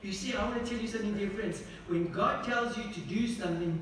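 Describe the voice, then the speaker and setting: A man preaching a sermon, often asking the congregation questions and swinging between emphatic lines and hushed ones. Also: high voice, normal speed, hardly any pauses. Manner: asks the congregation repeated questions. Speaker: pastor. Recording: echoey hall from far off, faint noise.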